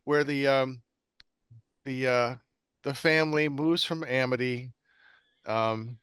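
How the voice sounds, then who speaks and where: A man hosts a horror podcast in an easy, excitable ramble full of fillers. His voice sits at a middle pitch, recorded close and dry with no room sound. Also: takes it slowly, clean tone, no room sound. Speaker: podcast host. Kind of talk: casual chat.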